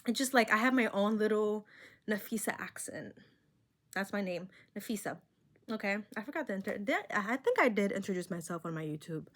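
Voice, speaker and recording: A woman's voice: mid-range voice, lively intonation, a little fast, fairly bright tone. A young woman vlogger with a slight accent of her own, talking to her camera in a rambling, candid and self-conscious way. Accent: own non-American accent. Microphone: camera mic.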